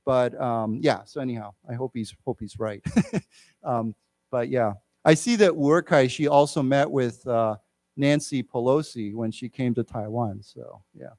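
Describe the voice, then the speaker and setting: A middle-aged man leading a casual English lesson, chatting and rambling, with animated quoted voices. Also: medium pitch, a little slow, dry recording. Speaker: English teacher. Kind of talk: casual classroom lecture. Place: lecture room.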